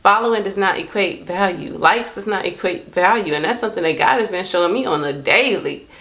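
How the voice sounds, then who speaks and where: Expressive young woman vlogging to camera. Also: brisk. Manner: lively, expressive, jumps up in pitch when quoting herself. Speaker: faith and self-love vlogger. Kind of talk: casual talk to camera.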